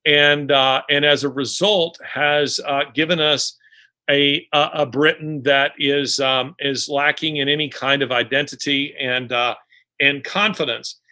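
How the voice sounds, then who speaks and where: A man's voice: on the high side, steady tone, measured pace, sharp tone. A man speaking as a guest in an interview, talking unhurriedly with many restarts and fillers. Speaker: guest author. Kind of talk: conversational interview.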